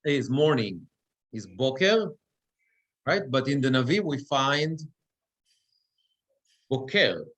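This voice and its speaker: A cantor with a pushed, bright, medium-pitched voice teaches Torah reading in a synagogue classroom. In this lecture he goes step by step, frequently checking on his students.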